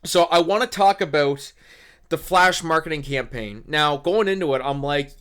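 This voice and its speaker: A young man rants on his podcast in a loose, casual way. He is openly excitable, swearing freely and breaking into loud exclamations as he talks. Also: on the high side, moderate pace, smooth. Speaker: podcast co-host.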